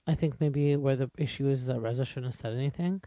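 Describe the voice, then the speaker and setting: This podcast host is a man with a medium-pitched, warm voice who talks a little fast, recorded with no room sound. English is his first language, and his casual recap is chatty, opinionated, and packed with asides and fillers.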